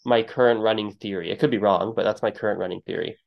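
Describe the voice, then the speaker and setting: A man hosting a podcast interview in a relaxed conversational way, telling stories and acting out what people said with sudden jumps in his voice. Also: fast, creaky, lo-fi sound. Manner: storytelling, acts out quotes with big pitch jumps. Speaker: podcast host.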